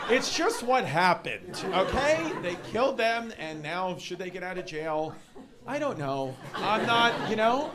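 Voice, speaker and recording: A man with a New York accent doing a loud, rambling stand-up set in a live club. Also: sits high, heavy background noise. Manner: loud, rapid, rambling rants with frequent laughs. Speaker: stand-up comedian. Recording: live club with crowd behind. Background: laughing audience.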